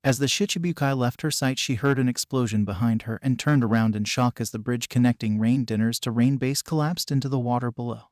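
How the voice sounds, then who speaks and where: A man's voice: medium pitch, fairly even intonation, a little fast, hardly any pauses, darkish tone, no echo. Man reading fan fiction, dry sound. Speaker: narrator.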